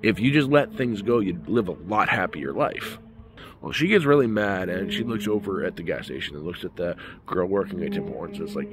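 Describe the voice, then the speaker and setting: Man in a vlog, low voice with big swings in pitch, ranting emphatically. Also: animated, fairly quick, background noise. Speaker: vlogger. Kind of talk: casual storytelling rant.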